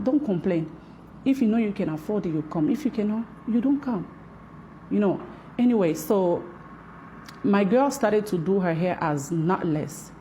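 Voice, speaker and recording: A woman's voice: fairly low pitch, normal speed, dark tone, a little hiss or hum. A woman who owns a hair braiding shop, talking through her side of a dispute in a video monologue with repetitive, emphatic, sometimes heated phrasing.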